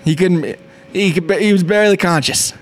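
A young man who owns a small business, excitedly telling a story and acting out the quotes. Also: sits high, normal speed. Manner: excitable, acts out quotes in a rush. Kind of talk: animated storytelling.

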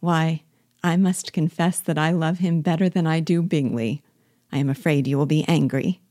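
A woman reading the part of a witty, lively young woman in a storybook reading, speaking in a wry, earnest way. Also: sits low, moderate pace, dry recording, clean studio sound, close to an everyday voice. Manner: wry, earnest, gently teasing.

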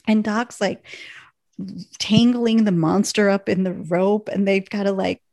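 A woman co-hosting a casual podcast, recapping a TV episode with animated storytelling and frequent laughter. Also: medium pitch, measured pace, vocal fry, no room sound. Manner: animated storytelling, laughs often, many fillers. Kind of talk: casual chat.

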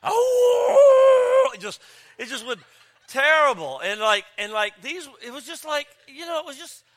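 A man preaching a sermon as pastor, joking and telling stories with lively delivery. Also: extremely high pitch, normal speed. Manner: joking, animated storytelling with voices. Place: church campus.

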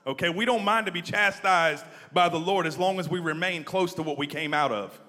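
A man preaching with fervor in a church hall, his slightly higher-than-usual voice ringing out with a long reverb. He swings from hushed asides to loud, emphatic calls and asks the congregation to repeat his words. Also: a little fast. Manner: building from quiet asides to near-shouted emphasis; leads the congregation in call-and-response. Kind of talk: sermon.

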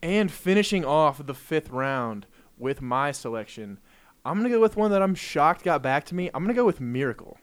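A man's voice: on the high side, big pitch swings, moderate pace, clean tone. A young man co-hosting a sports podcast, chatting casually and playfully and laughing often. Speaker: podcast co-host. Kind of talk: casual chat.

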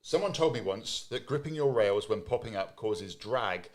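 A man's voice: on the low side, lively intonation, normal speed. A man co-hosting a casual live show, reading out viewer questions and nodding along with short affirmations. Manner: agreeable, many short affirmations.

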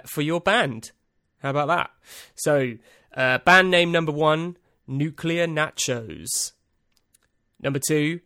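Male podcast host, unhurried, deadpan and rambling, close dead-room mic. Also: medium pitch, clean tone, no room sound. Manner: rambling, dry, self-amused, lots of ums and uhs. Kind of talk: casual solo podcast monologue.

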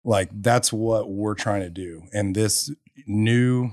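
Speaking slowly with a fairly low pitch, a podcast guest from Texas, an energy entrepreneur, tells his story in a relaxed chat. He's animated, acting out quotes and laughing along in bursts. The sound is clean studio audio with no room sound.

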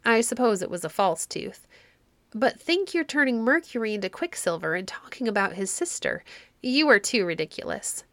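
A woman's voice: on the high side, big pitch swings, normal speed, fairly bright tone, no room sound. A woman voicing a pert, teasing girl in a storybook reading, speaking dismissively.

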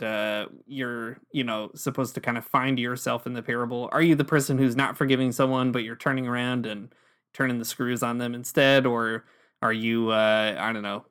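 Man, smooth clear voice, mid pitch, podcast co-host, thoughtful, hedging. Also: fairly bright tone. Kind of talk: casual discussion.

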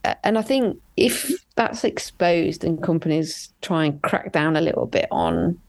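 A low-pitched woman talks as a podcast guest. She is candid and emphatic, and she often agrees with quick repeated yeses. The delivery is casual and conversational. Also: very animated, creaky. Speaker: guest, construction engineer.

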